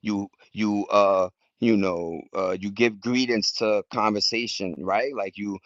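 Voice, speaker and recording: A man's voice: fairly low pitch, lively intonation, measured pace, hardly any pauses, no echo, lo-fi sound. A man vlogging in a casual, slangy, rambling way, chatting loosely to his viewers from home. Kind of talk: casual chat to camera. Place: at home with plants and a cat.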